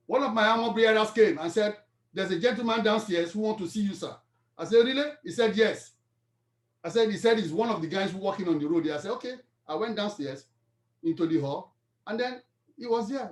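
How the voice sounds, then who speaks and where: A man with a Nigerian accent, a pastor preaching a sermon, telling a story and then exhorting the congregation. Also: sits high. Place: church hall. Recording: echoey church hall.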